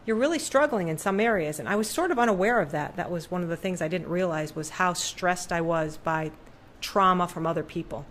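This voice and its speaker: A middle-aged woman, a podcast guest and artist, telling a story in conversation and acting out the voices she quotes with sudden jumps in pitch, in a room hung with her paintings. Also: a little fast, a bit bright, slight background noise.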